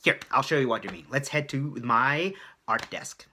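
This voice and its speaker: A man coaching children through a playful drawing lesson at his art desk, animated, with gasps and little sound effects. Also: medium pitch, moderate pace, heavy background noise. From Canada.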